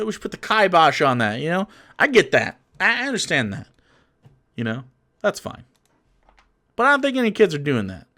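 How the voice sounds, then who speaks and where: A man's voice: sits high, a bit bright. A man giving casual, sarcastic and profane reaction commentary on a political video.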